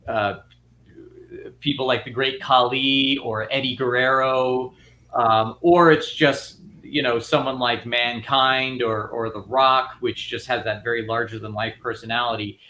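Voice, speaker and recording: Bright-voiced man talking in loose rambles. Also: medium pitch, fairly even intonation, measured pace, slight background noise. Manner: rambling, many restarts and fillers. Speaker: filmmaker guest. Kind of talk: casual panel discussion.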